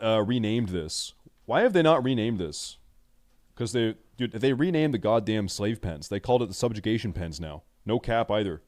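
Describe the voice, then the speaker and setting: A young man chatting loosely and swearing while live-streaming a game, joking with his viewers. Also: mid-range voice. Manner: loud, joking, swears, rambles. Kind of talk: casual live-stream chat while gaming.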